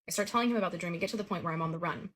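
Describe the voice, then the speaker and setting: A woman's voice: on the low side, racing, a bit bright, slight background noise. A woman telling the story of a recurring childhood dream in a casual, earnest way.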